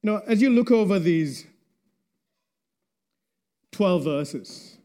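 Slow, high-voiced male preacher. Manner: slow and deliberate, dropping to a hush at phrase ends. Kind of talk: sermon.

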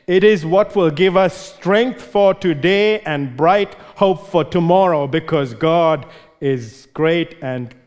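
A man preaching a sermon, emphatic, repeating words for stress as he leads a congregation through a passage. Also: fairly high pitch. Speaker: pastor. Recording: long reverb of a large hall.

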